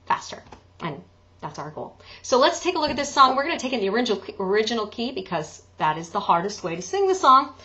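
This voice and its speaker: A woman's voice: a little high, sing-song, fast, bright, forceful tone, lo-fi sound. A woman teaching an online singing lesson, chatty and joking, breaking into sung examples. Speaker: vocal coach.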